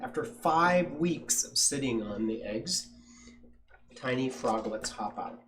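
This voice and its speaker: At a science center, a man reads a picture book aloud to children, a lively storyteller who asks the kids questions. His medium-pitched voice goes at a slow pace, with background noise around him.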